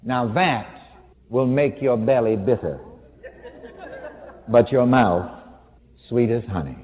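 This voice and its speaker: A man's voice: medium pitch, slow pace. Tinny, echoing male preacher in a hall. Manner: emphatic, wry, teasing. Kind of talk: sermon. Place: large hall with an audience. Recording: tinny phone-like sound with long hall reverb.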